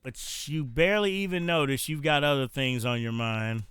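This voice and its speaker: Smooth-voiced male game streamer. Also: medium pitch, normal speed, fairly bright tone, no room sound, clean studio sound. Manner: playful, joking asides. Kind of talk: let's-play reading game text aloud with jokes.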